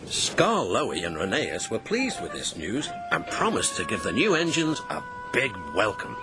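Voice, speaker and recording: Gentle male storybook narrator over music. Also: lowish voice, huge pitch swings, unhurried, few pauses. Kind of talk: storybook narration of a children's tale.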